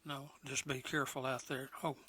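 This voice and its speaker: A man's voice: medium pitch, level tone, moderate pace, sharp tone, slightly rough. Folksy man in his sixties. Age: 60s. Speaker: guest co-host. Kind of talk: casual chat.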